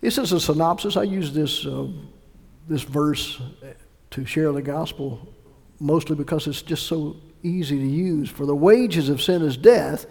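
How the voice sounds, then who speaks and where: A male pastor with a high, gravelly voice delivers an emphatic sermon. He swings between forceful bursts and hushed asides. A long hall reverb trails each phrase. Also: a little slow. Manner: emphatic preaching with sudden shifts between loud and hushed delivery.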